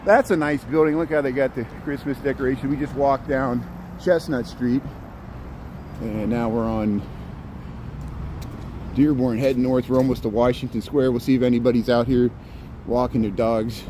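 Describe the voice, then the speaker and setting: A man's voice: mid-range voice, fairly even intonation, moderate pace, pauses often, a little hiss or hum. Chatty man live-streaming a city walk. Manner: rambling, chatty, reads out viewer comments. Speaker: live-streaming walking vlogger. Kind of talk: casual walking commentary to live chat. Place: outdoors on city streets at evening.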